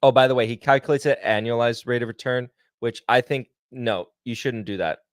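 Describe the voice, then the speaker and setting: A man co-hosting an investing livestream, calmly explaining and laughing at the chat. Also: mid-range voice, brisk, dry recording, clean studio sound. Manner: amused, laughs often, reads chat aloud.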